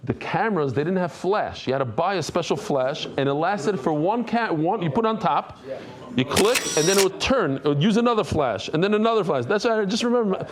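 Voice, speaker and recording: A middle-aged male rabbi leading a lively Talmud lesson with a somewhat raised, higher voice. He explains in a conversational way, with quick asides and Hebrew and Aramaic terms folded into his English. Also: background noise. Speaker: rabbi teaching a daily Talmud class.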